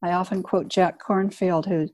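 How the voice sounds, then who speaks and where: A woman's voice: lowish voice, fairly even intonation, moderate pace, a little mellow, no room sound. An older woman who works in hospice, talking candidly about her work in an earnest storytelling way. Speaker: hospice worker. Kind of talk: reflective personal talk.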